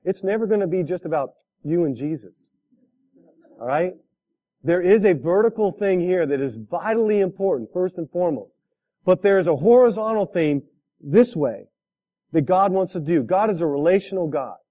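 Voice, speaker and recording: A man's voice: high-pitched, lively intonation, moderate pace, mellow. A man preaching a sermon, telling a story with laughs and asking the listeners direct questions. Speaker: pastor.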